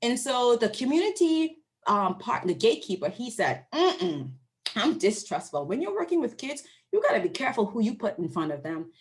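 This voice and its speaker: A woman's voice: on the high side, very animated, fairly quick. A woman researcher gives an academic presentation to an online audience. She speaks conversationally, poses questions to her listeners and often checks in with them. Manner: acts out her interviewees' voices when quoting them. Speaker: university researcher presenting findings.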